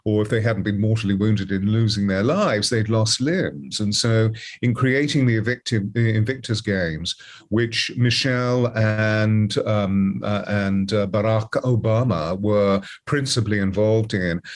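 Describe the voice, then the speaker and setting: Low-voiced, meandering male commentator. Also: measured pace. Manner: expansive and meandering, with many fillers and restarts. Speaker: guest co-host and royal commentator. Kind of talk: casual commentary.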